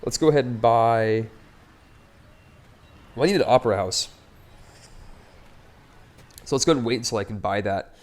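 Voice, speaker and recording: A man talking through his strategy game at a medium pitch, chatty and upbeat. He drops wry, joking asides as he goes. The tone is casual, like a let's play host.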